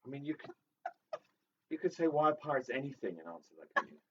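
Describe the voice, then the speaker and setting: Playful man, lively pitch. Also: fast, a little hiss or hum. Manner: playful, jumps into sudden loud exclamations. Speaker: co-host. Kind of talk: casual live-stream banter. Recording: distant, dull lo-fi sound.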